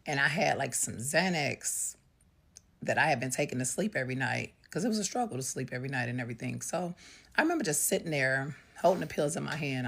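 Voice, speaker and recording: A middle-aged woman speaks in a deep, breathy voice. She tells her story plainly, with pauses and fillers. Her delivery is raw and unpolished. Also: animated, a bit bright. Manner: raw, halting, conversational with fillers. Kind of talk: candid personal storytime.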